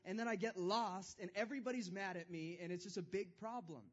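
A man's voice: high voice, a little fast, breathy edge, highs cut off. A man preaching a sermon as pastor, in a loose conversational style with self-deprecating humor.

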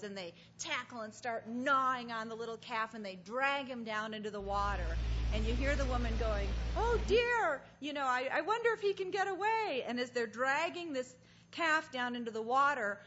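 A woman speaking at a women's gathering, opening in prayer and telling stories in an earnest, animated way. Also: a little high. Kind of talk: devotional talk with prayer. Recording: dull lo-fi sound, faint noise.

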